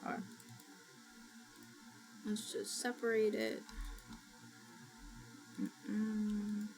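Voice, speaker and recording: A woman streaming, chatting casually while she works and gasping and squealing with excitement as she greets viewers. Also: medium pitch, drawn-out words, creaky. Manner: excitable, gasps and squeals at new followers; chatty and self-mocking, talking while working. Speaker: VTuber streamer. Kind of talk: casual livestream chat. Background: faint background music.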